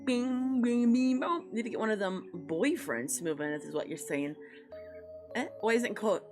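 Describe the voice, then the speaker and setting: Over music, a young woman draws and talks with her livestream viewers in a low-leaning, lively voice at a moderate pace, giving rambling, encouraging advice punctuated by playful sing-song sounds.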